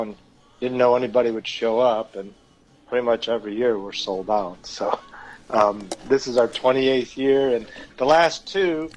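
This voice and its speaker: A man's voice: medium pitch, rough recording. A man who works for a nonprofit, a guest on a radio talk show, speaking in a friendly way with many fillers. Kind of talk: casual radio interview.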